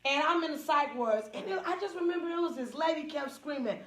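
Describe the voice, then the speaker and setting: Fairly quick and bright, with lively intonation and a high-sitting voice, a woman comedian and support group speaker from Northern California candidly tells her small group a personal tale. She laughs frequently and acts out what people said; the echoey recording is distant from the mic.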